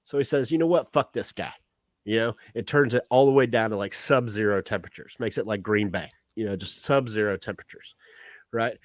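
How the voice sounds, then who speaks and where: Rambling joke-telling podcast co-host. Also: male voice, on the low side, a little fast, no room sound, studio quality. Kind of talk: casual comedy podcast chat, telling a joke.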